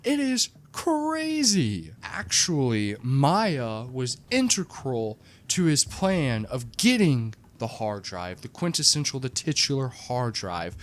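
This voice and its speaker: A comedic movie reviewer tells a film's plot with sarcastic, animated storytelling and lots of "like" fillers. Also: mid-range voice, slight background noise. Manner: frequent "like" fillers.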